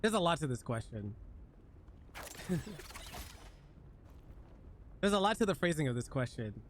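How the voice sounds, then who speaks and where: A man streams a game live and chats casually with his viewers, joking as he goes. His voice sits fairly high and swings lively up and down, with faint background noise behind it. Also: fairly quick. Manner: animated, joking, talks to chat while playing.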